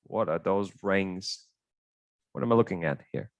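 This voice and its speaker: A man's voice: sits low, measured pace, dry recording. A young man teaching an online biology tutorial in a chatty, hesitant way, full of fillers and "right?" checks with his students.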